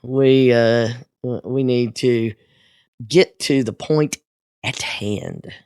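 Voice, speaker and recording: A woman co-hosting a podcast in casual chat, low-key, often trailing off and restarting. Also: takes it slowly, a little mellow, clear, resonant tone, no echo, studio quality. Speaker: podcast co-host.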